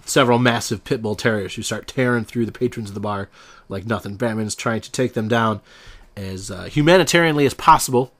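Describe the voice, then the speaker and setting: A man's voice: on the low side, brisk, fairly bright tone. Man casually recapping a comic. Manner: rambling, filler-heavy, enthusiastic retelling. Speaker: comic book podcast host.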